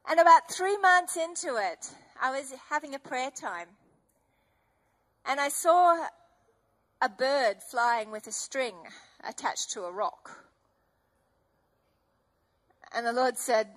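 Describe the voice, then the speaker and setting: High-voiced woman preaching. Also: expressive, slow, long pauses, a bit bright. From Australia. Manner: emotional, earnest storytelling. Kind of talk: testimony sermon.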